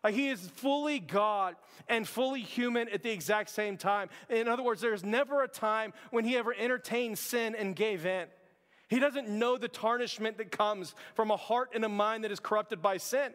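A man's voice: sits high, moderate pace, a bit bright, in a large hall. A man preaching a sermon as pastor, conversational and full of restarts, retelling a story to his church. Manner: conversational preaching, many "like"s and restarts, acts out quotes.

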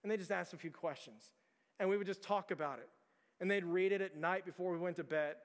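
Young man, pastor, sermon, high voice, impassioned repetition, long church reverb. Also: fast talker. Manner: impassioned, repetitive preaching cadence. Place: church sanctuary.

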